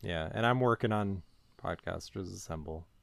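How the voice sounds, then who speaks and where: A man's voice: low-pitched, normal speed, vocal fry, no room sound. A man co-hosting a podcast, chatting in a playful, teasing way. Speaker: podcast co-host. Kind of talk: casual chat.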